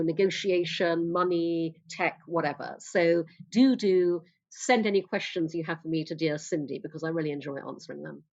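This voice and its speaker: A woman's voice: fairly low pitch, dull audio. A woman speaking as a guest coach in a casual interview, blunt and emphatic, swearing freely.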